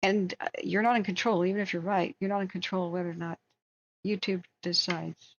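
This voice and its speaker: A woman's voice: on the low side, fairly even intonation, brisk, slight background noise. An American woman hosting a long wildfire-tracking livestream, chatting casually, rambling and opinionated, reading viewer comments aloud. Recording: dull lo-fi stream audio.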